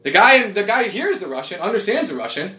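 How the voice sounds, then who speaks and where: A man rambles through casual chat in a bright, high voice that swoops up and down. He talks in an animated way and swears a lot. The room rings with echo. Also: fairly quick. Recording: echoey room.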